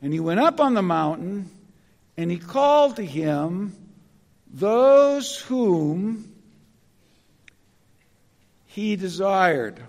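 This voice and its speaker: A man preaching a sermon, deliberate and repeating key phrases for emphasis. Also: sits high, very animated, creaky, a little mellow. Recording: long reverb of a large hall.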